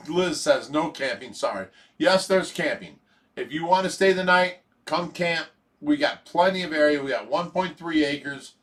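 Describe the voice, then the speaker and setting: Bright-voiced man reading chat, chuckling. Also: fairly high pitch. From United States. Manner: laughs easily, halting with many fillers. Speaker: livestream co-host reading the chat. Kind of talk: casual livestream chat. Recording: voice a bit distant from the mic.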